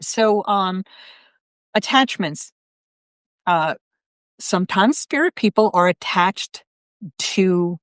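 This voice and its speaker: A woman's voice: fairly low pitch, no room sound, studio quality. A middle-aged woman, a psychic medium hosting a live video, telling a story in a chatty way with many fillers and quoted voices. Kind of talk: casual storytelling on a live stream.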